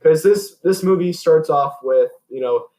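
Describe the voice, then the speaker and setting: A man's voice: a little high, a little slow, mellow. Young guy podcasting, rambly, lots of "like" and "you know", roomy echo. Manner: rambling, many fillers and restarts. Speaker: podcast host. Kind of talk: casual chat. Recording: echoey room.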